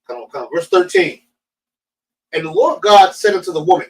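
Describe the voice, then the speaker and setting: Animated man answering from a distance. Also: high-pitched, fairly quick. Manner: short agreeing interjections. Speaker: assistant reading scripture. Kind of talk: affirming and reading verses.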